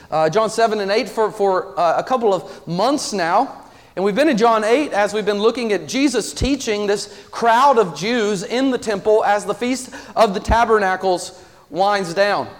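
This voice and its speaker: A man with a high voice preaches to his own church from the sanctuary, earnest and conversational, posing many questions to the congregation. A long reverb tail follows his speech.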